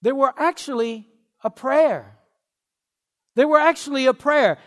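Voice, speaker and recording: A man preaching a sermon in a very high, light voice. He speaks slowly and earnestly and lingers on his words. A long reverb trails each phrase. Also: fairly bright tone. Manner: slow, earnest preaching with dramatic pauses. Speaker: pastor.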